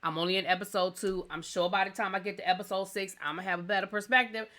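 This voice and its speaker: Chatty, sassy woman with a bright voice. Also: mid-range voice, steady tone. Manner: chatty, colloquial, playfully sassy; acts out lines in quick asides. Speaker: TV review channel host. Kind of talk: casual episode recap and review.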